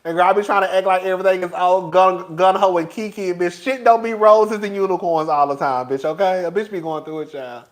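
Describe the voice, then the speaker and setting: High-voiced flamboyant man chatting to viewers. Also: fairly even intonation, fairly quick, hardly any pauses. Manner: flamboyant, chatty, calls viewers girl and child. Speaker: vlogger. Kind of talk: casual chat to viewers. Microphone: phone.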